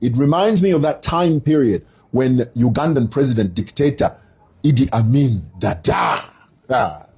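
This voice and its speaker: A Zambian man in his fifties with a Zambian accent, talking through current events in a loose, storytelling way. His voice is very husky, and his pitch swings widely as he digresses from point to point. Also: lively intonation, moderate pace, darkish tone. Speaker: commentator. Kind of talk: casual commentary.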